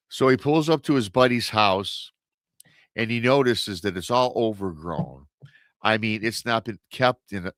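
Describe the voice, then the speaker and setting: Low-voiced man rambling through a story. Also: fairly bright tone, dry recording, clean studio sound. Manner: rambling, repeats words, acts out quoted dialogue. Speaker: radio show guest storyteller. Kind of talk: casual storytelling.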